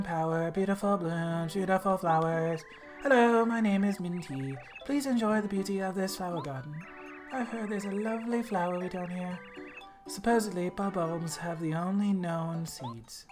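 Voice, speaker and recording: A man voicing a gentle, dreamy female toad gardener in a video game, speaking soft and high over game music. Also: natural voice.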